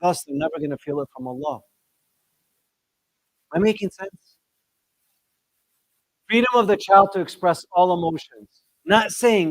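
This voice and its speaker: A middle-aged man with a fairly high voice gives a lively religious talk to a live audience, and he keeps firing questions at his listeners. His voice sounds dry and close, with no room echo. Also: a little slow, long pauses. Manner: lively, asks the audience questions, shifts pitch sharply for emphasis. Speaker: discussion leader.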